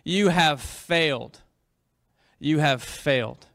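Preacher, male, fairly high voice, dramatic storyteller who keeps asking the congregation questions. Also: slow pace, creaky, a bit bright. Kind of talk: sermon.

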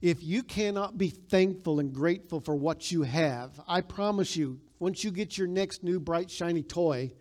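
Male pastor, high voice, conversational sermon with emphatic call-and-response bursts. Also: moderate pace, hardly any pauses. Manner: conversational, with emphatic loud bursts when quoting scripture; leads the congregation in call-and-response.

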